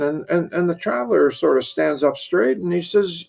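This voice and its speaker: A man's voice: a little high, expressive, normal speed, creaky, a little mellow. A middle-aged man, a priest, telling a parable and drawing a lesson from it, with many restarts and repeated words. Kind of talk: storytelling with a sermon-like lesson.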